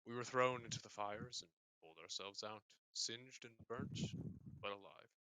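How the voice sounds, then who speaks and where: A solemn king addresses his subjects in a low, hushed, unhurried voice, as a game master puts him on. The tone is dry and close, with a very bright edge. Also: no room sound, poor audio. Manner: slow, grave, low and quiet. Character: stately king giving a solemn speech.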